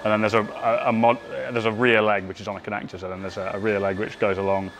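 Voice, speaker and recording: A man's voice: lowish voice, level tone, quick pace, fairly bright tone, a little hiss or hum. Upbeat man giving a workshop update. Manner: chatty and upbeat, self-deprecating jokes. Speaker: workshop presenter.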